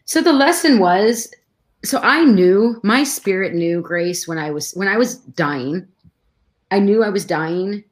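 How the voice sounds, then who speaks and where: A woman's voice: mid-range voice, expressive, a little slow. A middle-aged woman, a guest in a conversation, telling a personal story with emotion and many restarts.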